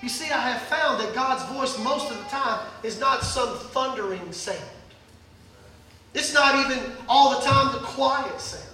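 A man preaches in a sermon, joking in a folksy way and acting out Bible scenes. His voice sits very high and bright, and it rings through a big echoey church. He sounds a bit far from the mic, with a faint room hum behind him. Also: a little slow. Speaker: pastor. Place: church sanctuary.

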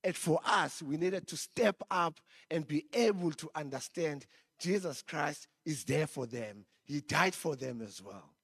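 A man's voice: a little high, no echo, studio quality. A man preaching a sermon, telling a personal story and chuckling often.

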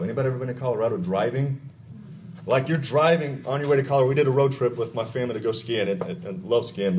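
A man's voice: mid-range voice, a little hiss or hum. Chatty Texan man preaching a sermon. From Texas. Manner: conversational, rambling preaching with asides and questions to the congregation. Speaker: pastor.

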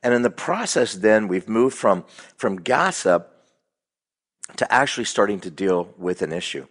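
Animated husky man telling stories. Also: on the low side, normal speed. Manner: animated storyteller, acts out quoted voices. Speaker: co-host. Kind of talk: casual radio chat.

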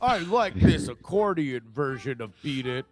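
A man's voice: on the high side, sing-song, a little slow, darkish tone, faint music behind. A man doing a mocking impression of a podcaster in a raised, whiny voice, heard from a played clip.

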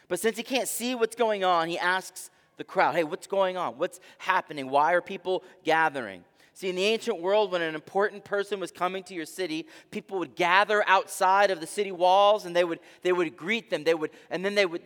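High-voiced man preaching in a hall. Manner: dramatic preaching, with rhetorical questions and swings between soft and loud. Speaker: pastor. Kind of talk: sermon. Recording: long reverb of a large hall.

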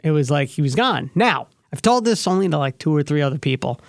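A man's voice: fairly high pitch, expressive, quick pace, gravelly, dry recording. Rambling radio host man, dry sound. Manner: rambling, hesitant, full of restarts and fillers. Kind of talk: casual storytelling chat.

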